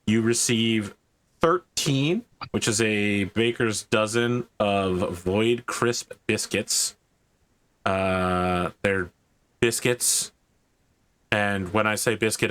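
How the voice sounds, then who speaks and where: A man running a tabletop game as game master, narrating and explaining in a measured way. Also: on the low side, fairly bright tone.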